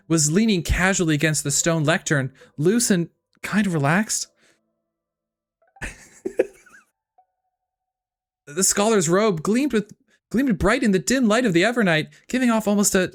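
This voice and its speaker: Man doing a jittery, high-voiced student, stammers constantly. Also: lively intonation, moderate pace, faint music behind. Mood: earnest. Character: nervous young male student, stammering and flustered. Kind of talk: dramatic reading of game text.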